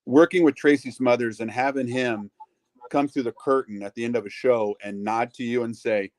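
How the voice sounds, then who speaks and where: A man's voice: mid-range voice, fairly even intonation, moderate pace, a little mellow, no room sound. A middle-aged man, a wrestling ring announcer, chatting as an interview guest, full of fillers and acted-out quotes. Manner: chatty, acts out quoted voices, lots of fillers. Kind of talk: casual storytelling interview.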